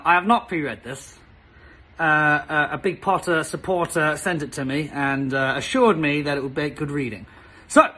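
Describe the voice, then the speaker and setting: A man's voice: on the high side, normal speed, sharp tone, breathy edge. A man reading a story aloud as a host, with wry comic asides, stumbling and restarting as he goes. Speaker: channel host reading fan fiction aloud. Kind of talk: comedic dramatic reading with asides.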